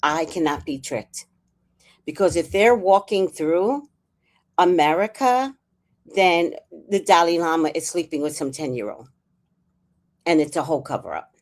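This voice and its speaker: A woman's voice: sits low, expressive, measured pace, long pauses. A woman from New York City hosting a casual livestream chat, ranting sarcastically and breaking into laughter. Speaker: livestream host.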